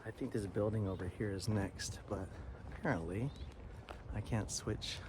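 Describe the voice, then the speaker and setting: A man's voice: fairly low pitch, normal speed. A man chatting casually as he walks outdoors with a handheld camera, rambling with fillers. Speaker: vlogger and English teacher. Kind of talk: casual walk-and-talk vlog. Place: outdoors walking on a street. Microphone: handheld camera while walking. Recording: outdoor street noise. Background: street ambience and passing vehicles.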